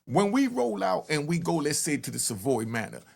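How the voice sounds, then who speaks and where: Gravelly animated New man. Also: a little high, brisk. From New York. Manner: storytelling, yells and acts out calls. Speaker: commentary host. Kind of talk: animated street-talk commentary.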